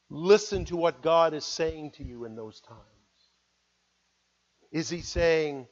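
A high-voiced man delivers an earnest sermon, rising to loud appeals and then dropping to hushed words. The recording sounds dull and lo-fi. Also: takes it slowly, pauses often. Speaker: pastor.

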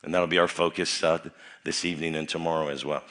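A young man preaching at a youth rally, energetic and playful, leading the crowd in chants, his voice a little worn. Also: very deep voice, fast talker. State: voice a bit worn. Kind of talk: sermon with crowd call-and-response.

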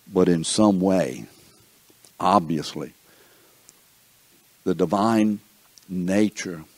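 A man's voice: low-pitched, a little mellow, no echo. A man teaching a Bible study class, thinking aloud and often checking that the class is following. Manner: thinks aloud, with restarts and asides.

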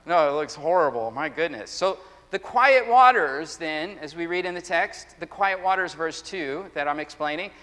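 A man delivers a sermon in an animated, emphatic way, often slipping into the voices of the people he quotes. His voice sits high and bright. A long reverb trails behind him, as in a large church sanctuary. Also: measured pace. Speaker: pastor.

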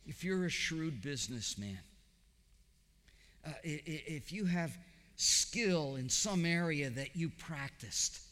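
Guy preaching slow and deliberate, bright voice, bit high, big hall echo behind him. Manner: animated preaching, rising to high emphatic questions then dropping low and quiet. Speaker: pastor. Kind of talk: sermon.

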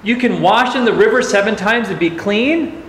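A man voicing a humble servant who gently pleads with and reasons with his master. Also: high voice, moderate pace, a little hiss or hum. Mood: coaxing. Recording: echoey hall, faint ambience.

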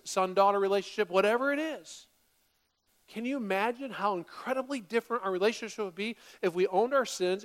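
A man delivers a sermon from the pulpit of a church, his voice sitting high for a man. He moves between plain teaching and animated, louder acted-out apologies as he makes his points. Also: big-room sound. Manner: animated, acts out quoted apologies in a raised voice. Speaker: pastor. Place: church sanctuary.

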